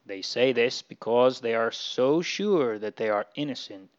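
Slow-reading man telling a Bible story. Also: medium pitch, animated, highs cut off. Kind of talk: Bible story read to children.

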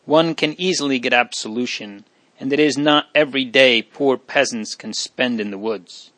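A man's voice: medium pitch, normal speed, sharp tone, dry recording, close to an everyday voice. A man reading the part of a frightened young woman traveler who keeps her composure, speaking anxiously and pleadingly. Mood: guarded.

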